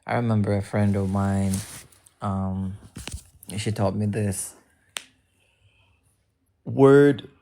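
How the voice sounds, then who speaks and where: A woman's voice: extremely low pitch, steady tone, slow pace, pauses often, mellow. A woman streamer chatting casually with her viewers, blunt, joking and swearing freely as she talks back to the chat. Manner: addresses chat directly. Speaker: livestreamer.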